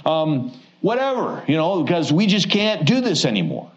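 A Canadian pastor voicing flustered, startled disciples in a high, exclaiming, incredulous tone during a sermon. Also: male voice, big pitch swings, normal speed, lo-fi sound. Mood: pleading.

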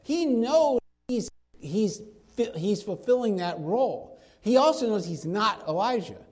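A man's voice: high-pitched, big pitch swings, unhurried, darkish tone. A man teaching through a Bible passage in a conversational sermon, now and then acting out the quoted speakers in casual slang. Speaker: preacher.

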